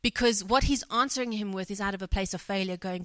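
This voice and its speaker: A woman's voice: mid-range voice, fast, a bit bright, dry recording. A woman preaching a sermon, reading a scripture passage and then retelling it in her own words with acted quotes, correcting herself as she goes. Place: church.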